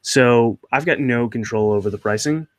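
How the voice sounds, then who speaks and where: A man's voice: medium pitch, moderate pace, dry recording, studio quality. A young man hosting his channel, answering viewer questions in a rambling, hesitant way with many fillers and restarts. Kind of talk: casual Q&A chat.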